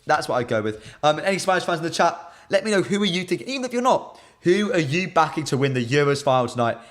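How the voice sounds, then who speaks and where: British man, young adult, live stream host, casual banter, reads out chat, slightly high voice. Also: fast. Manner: animated, reads chat comments aloud and banters with viewers.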